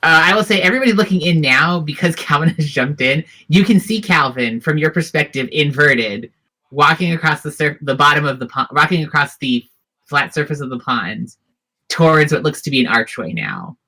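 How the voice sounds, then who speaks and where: This is a game master narrating a tabletop adventure. The voice sits at a middle pitch, describing each scene in detail with frequent ums, uhs and restarts. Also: normal speed, pushed and bright. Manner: descriptive, hesitant with fillers.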